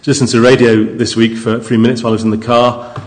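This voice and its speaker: A man's voice: medium pitch, level tone, fast talker. A man preaching a sermon to his congregation, conversational and jokey, with restarts and asides. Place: church. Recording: reverberant church hall.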